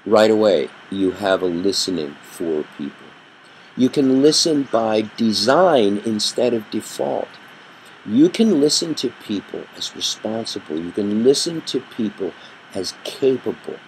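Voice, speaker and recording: A man teaching a communication workshop, telling a story with an animated delivery that rises and drops for effect. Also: fairly low pitch, measured pace, slight background noise, low-quality recording. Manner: animated storyteller, rising and dropping his voice for effect. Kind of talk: storytelling lesson.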